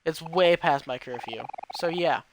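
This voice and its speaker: A man reading the lines of an energetic, cocky teenage boy, breaking in with munching sounds. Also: a little high, measured pace. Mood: eager. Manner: reads game dialogue aloud, says munch between lines. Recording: noisy recording.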